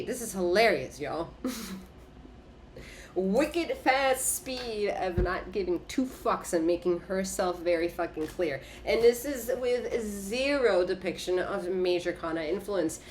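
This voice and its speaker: A woman's voice: lowish voice, unhurried, a little mellow, a little hiss or hum. A woman giving a casual spoken tarot reading, talking emphatically and profanely, repeating short phrases for punch. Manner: emphatic, repetitive, profane, punctuated by laughter. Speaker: tarot reader.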